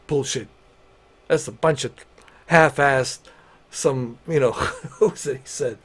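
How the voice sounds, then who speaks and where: A man chatting casually during a game livestream, rambling and swearing, often breaking into laughter as he talks himself up into excited emphasis. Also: mid-range voice, slow pace, long pauses. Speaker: game streamer.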